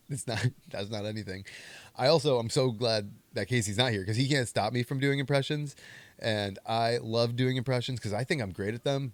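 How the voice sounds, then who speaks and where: Fairly low in pitch and recorded without echo, this young male podcast host riffs casually on movies for his comedy show, meandering and making self-deprecating jokes.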